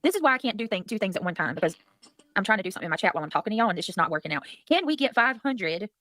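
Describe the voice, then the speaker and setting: Woman, Southern US accent, livestream host, quick rambling chat, dry close sound. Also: on the low side, animated, bright, forceful tone, no room sound. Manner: rambling, chatty, thanks viewers, mild cursing.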